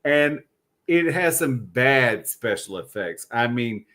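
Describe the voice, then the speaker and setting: A man's voice: medium pitch, animated, slow, sharp tone. A man with a Southern US drawl chats on a podcast as a co-host. He spins long film anecdotes with campy asides, in a middling voice. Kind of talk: casual chat.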